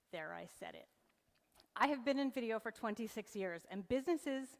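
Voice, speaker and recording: Wisecracking woman speaker in a reverberant hall. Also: mid-range voice. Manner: lively, joking, audience-teasing. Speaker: keynote presenter. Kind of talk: humorous motivational talk. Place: event hall on stage.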